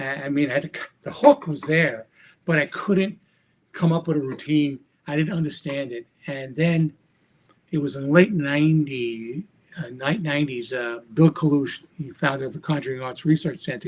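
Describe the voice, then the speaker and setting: Husky animated male magician storyteller. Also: on the high side. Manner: acts out quoted dialogue with lively voice shifts. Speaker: magician guest.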